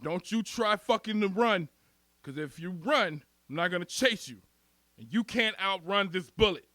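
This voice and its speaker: A man's voice: high voice, animated, normal speed, sharp tone, no echo. A man voicing a menacing, sneering male police officer who barks and taunts. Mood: taunting. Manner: barking, taunting.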